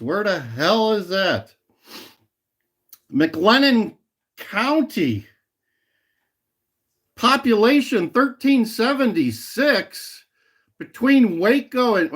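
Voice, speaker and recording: This man's high-pitched voice is a bit bright and slightly rough. Hosting a relaxed livestream, he chats and rambles with his live audience, laughing frequently and falling back on a catchphrase.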